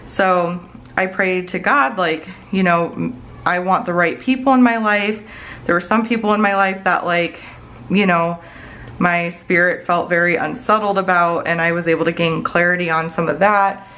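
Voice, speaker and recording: The rough recording captures a woman with a fairly bright voice on the low side, speaking at normal speed with fairly even intonation. In her thirties, this planner vlogger rambles casually with plenty of fillers while planning in her home office.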